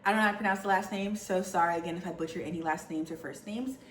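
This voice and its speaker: A woman's voice: lowish voice, very fast. Chatty young woman in an echoey room. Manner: chatty, animated, says y'all a lot. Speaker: book vlogger. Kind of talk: casual chat. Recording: echoey room, faint background hum.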